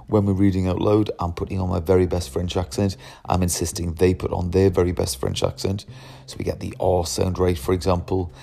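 A man's voice: low voice, gravelly, warm tone. A man explaining his language teaching method to teachers, emphatic, asking and answering his own questions.

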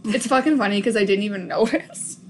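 A young woman co-hosting a podcast, recapping a film in blunt casual chat, swearing heavily and chiming in with quick remarks. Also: mid-range voice, a little hiss or hum. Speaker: podcast co-host.

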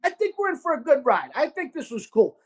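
A man with a New York accent hosting a casual podcast, talking in an animated, gruff way and calling people dude and brother. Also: extremely high pitch, a little fast. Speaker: podcast host and restaurant owner.

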